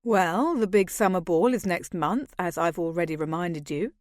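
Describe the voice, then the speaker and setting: A woman voicing a calm, soothing young nobleman in an audiobook. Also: on the low side, normal speed, no room sound, studio quality, close to an everyday voice. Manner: smooth and soothing. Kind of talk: audiobook character voice.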